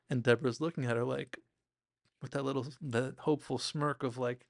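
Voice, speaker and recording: Man, podcast host, casual episode recap, enthusiastic and rambling, self-deprecating, gravelly voice, dry close recording. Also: mid-range voice, fairly even intonation, moderate pace, no echo.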